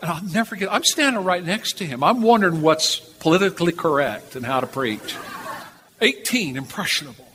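An older man preaching a sermon, telling a story in an animated, repetitive way with chuckles, in a church before a live audience. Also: fairly high pitch, fairly quick. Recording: reverberant hall, faint background noise.

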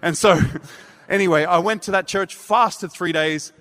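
High-voiced male preacher in a hall. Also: measured pace. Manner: animated, acts out voices in his story. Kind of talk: storytelling sermon. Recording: reverberant hall.

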